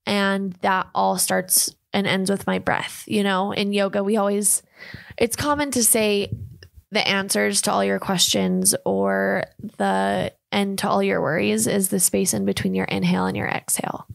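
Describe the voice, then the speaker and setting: A woman's voice: medium pitch, level tone, unhurried, vocal fry. A woman co-hosting a podcast, a fitness trainer who earnestly talks listeners through breathing techniques in casual chat.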